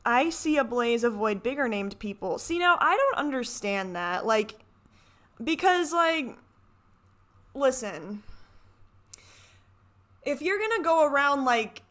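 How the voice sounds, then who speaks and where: A woman's voice: sits high, sing-song, takes it slowly, pauses often, a bit bright. A woman hosting a reaction video, talking casually and rambling, often restarting and correcting herself.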